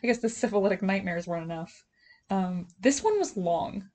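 A woman's voice: medium pitch, animated, normal speed, dark tone. A young woman co-hosting a podcast, recapping a TV drama in a sarcastic, giggly, profane way. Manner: sarcastic, giggly, swears freely. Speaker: podcast co-host. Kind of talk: casual TV recap chat.

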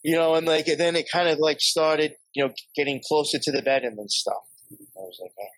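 A man's voice: on the high side, fairly even intonation, a little fast, a bit bright, low-quality recording. A man with a New York accent telling a long, rambling story, swearing often and laughing as he talks. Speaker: podcast guest. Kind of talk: casual storytelling.

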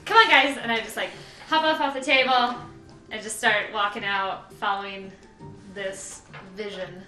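A woman's voice: medium pitch, steady tone, a little slow, pushed and bright. Bubbly woman playing her character. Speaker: player. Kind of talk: in-character tabletop role-play. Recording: echoey room with music.

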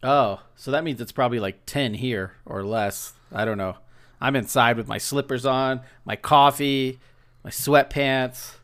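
A man co-hosts a podcast from his home, talking in a relaxed, joking manner that wanders and restarts. His voice is smooth and resonant, sitting at an ordinary middle pitch. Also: measured pace. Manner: joking, laid-back, rambling restarts. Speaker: podcast co-host. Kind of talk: casual chat. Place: indoors at home.

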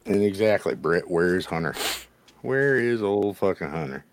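A man's voice: low voice, animated, normal speed. A man co-hosting a casual podcast, trading crude, profane banter and laughing often. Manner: former bar-band musician. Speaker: podcast co-host. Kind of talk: casual chat.

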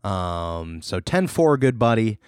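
A man's voice: fairly low pitch, slow, background noise. Jokey male podcast co-host. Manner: jokey, animated, laughs often. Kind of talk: casual chat.

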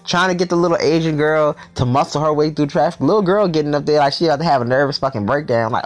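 A man's voice: fairly high pitch, fairly even intonation, fast, few pauses. A young man telling a story in a casual vlog, sassy and profane, with lots of energy.

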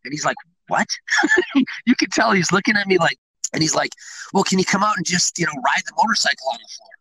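A man swaps funny stories from his mascot days in a loose, laughing chat. His voice is bright and a little husky, and it jumps around a lot in pitch. The sound is close and dry. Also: a little fast, dry recording, poor audio. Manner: animated, laughing, acts out quotes. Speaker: former sports mascot. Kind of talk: casual storytelling chat.

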